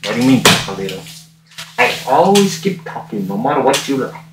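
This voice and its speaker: A man's voice: mid-range voice, very animated, brisk, close to an everyday voice. A man playing a wisecracking masked male antihero with a gun during a livestream, talking to viewers in a cocky, teasing way, his voice muffled by a mask. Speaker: cosplayer livestreaming. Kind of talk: in-character livestream banter. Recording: roomy, distant mic, noisy.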